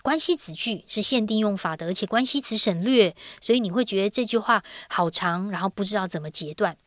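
A woman teacher with a Taiwanese Mandarin accent walks through a grammar lesson at an easy pace. She speaks lively and clear, drawing out the ends of her sentences. The recording is dry and close. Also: mid-range voice, fairly quick, dry recording. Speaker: Chinese teacher.

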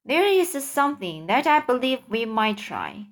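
A woman's voice: a little high, big pitch swings, unhurried. A woman voicing a hesitant, apologetic young boy in a storybook read-aloud.

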